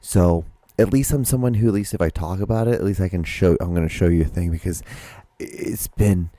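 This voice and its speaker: A man's voice: low-pitched, brisk, warm tone, no room sound. A man hosting his own solo podcast, rambling casually with many restarts and the odd curse word. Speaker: podcast host.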